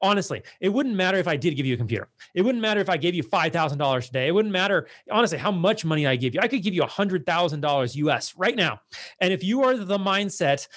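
A man with a fairly high voice delivers a blunt, exasperated monologue to his online followers. His talk is loose and full of fillers, yet he comes down firmly on each point. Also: expressive, quick pace, fairly bright tone. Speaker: online content creator.

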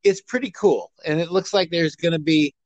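A man's voice: a little high, moderate pace, no room sound, low-quality recording. A man co-hosting a podcast, chatting casually and rambling with many fillers and restarts. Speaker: podcast co-host. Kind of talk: casual chat.

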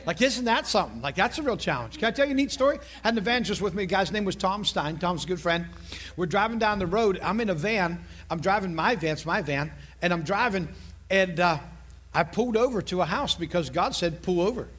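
Man, pastor, sermon, high voice, animated storytelling, repeats key phrases. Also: fairly quick.

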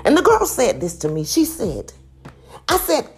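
A woman giving a preachy motivational talk, emphatic and full of rhetorical questions, swinging from loud high exclamations to low quiet asides. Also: wildly swooping pitch, moderate pace, faint music behind. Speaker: motivational speaker.

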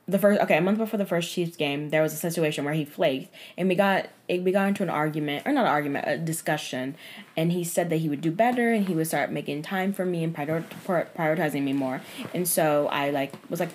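A young woman telling a dating story on a podcast in casual, profane chat, animated and full of fillers. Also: low voice.

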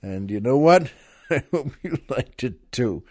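A man's voice: medium pitch, expressive, unhurried, a little mellow. An older man hosting a podcast, telling a rambling, self-amused anecdote in a casual storytelling monologue and laughing along as he goes. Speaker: podcast host.

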